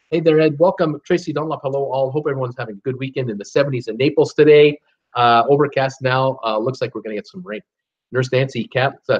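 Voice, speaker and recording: A man's voice: mid-range voice, highs cut off. A man hosting a live stream, casually reading viewer comments aloud with lots of fillers and restarts. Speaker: host reading live chat.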